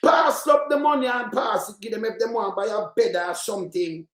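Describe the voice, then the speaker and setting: This channel host, a Jamaican man, swears a lot as he angrily rambles about politics in patois-laced speech. His fairly bright voice sits high and moves at a normal pace, and the space around him echoes.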